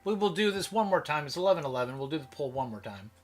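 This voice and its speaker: A man's voice: on the high side, big pitch swings, quick pace. A man from Minnesota hosting a live stream, chatting casually in a rambling way that keeps breaking off and restarting. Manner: rambling, self-interrupting, chatty.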